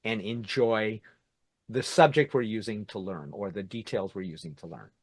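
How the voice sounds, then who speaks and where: A man's voice: fairly low pitch, normal speed, dry recording. A man who teaches languages, explaining his teaching ideas in a casual interview, often checking in with "right?". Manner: explanatory, repeats points, says "right?" and "it's like".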